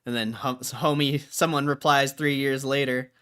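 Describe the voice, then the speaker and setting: A man's voice: mid-range voice, steady tone, normal speed, a bit bright, clean tone. A man hosting a casual livestream, reading online comments aloud with frequent laughs and slangy asides. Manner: casual, laughs often, says bro. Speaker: livestream host.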